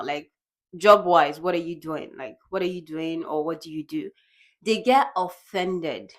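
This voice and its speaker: A young woman from Nigeria talking casually to the camera in a vlog, chatty and lively, acting out little bits of dialogue. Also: lowish voice. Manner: chatty, animated, acts out quoted dialogue with laughs. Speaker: vlogger. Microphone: small bought microphone.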